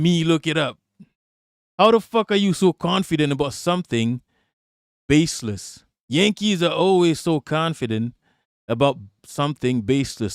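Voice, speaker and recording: Here a man with a slightly high voice hosts a livestream, ranting casually about politics in a profane, mocking way while repeating himself and laughing often. The studio sound is clean, with no echo.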